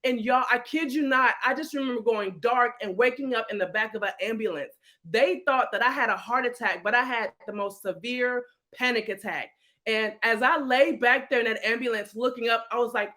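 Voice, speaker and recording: High-voiced woman storyteller. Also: brisk. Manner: animated, emotional storytelling with acted-out quotes. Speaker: real estate investment coach, guest. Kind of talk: storytelling in a podcast interview.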